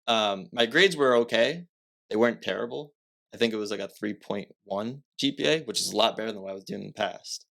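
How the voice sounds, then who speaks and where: A young man with a slightly low voice tells a personal story as a podcast guest. His talk is casual and rambling, full of filler words, with restarts and self-corrections as he works his way through it. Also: a little fast, creaky, fairly bright tone. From Massachusetts.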